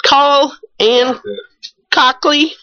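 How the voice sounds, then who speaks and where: An older woman, hoarse from a cold, reading radio announcements with wry asides. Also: high voice, steady tone, very slow, pushed and bright, dry recording. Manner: chatty, wry asides while reading notices. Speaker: radio host. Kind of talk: casual radio chat with announcements. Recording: muffled, lo-fi radio recording.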